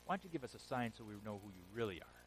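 A preacher doing skeptical demanding Pharisees. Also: male voice, on the low side, very animated, rapid-fire, slight background noise, pitched below the performer's own voice, poor audio. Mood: challenging.

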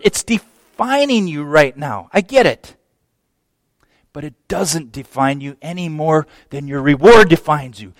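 A man preaching a sermon as pastor, emphatic, swinging from hushed phrases to loud exclamations. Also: fairly high pitch, lively intonation, a little slow, dry recording.

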